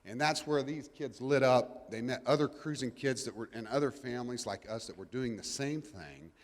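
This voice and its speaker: A middle-aged man with a drawl tells a crowd about his life in a loose, joking way, doubling back on his words as he goes. His voice sits at an ordinary middle pitch. It rings with a long reverb, as if picked up in a big public venue. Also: moderate pace. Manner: folksy, joking, rambling with restarts. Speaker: guest speaker, cruising family father. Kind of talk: informal talk to an audience. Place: event venue before a live audience.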